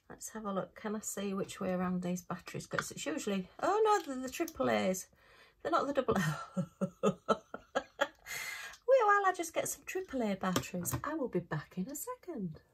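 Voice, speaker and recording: A woman, chatting casually as she unboxes a craft kit. She thinks aloud and breaks into bright little exclamations. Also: fairly high pitch, gravelly, noisy background. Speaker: craft vlogger.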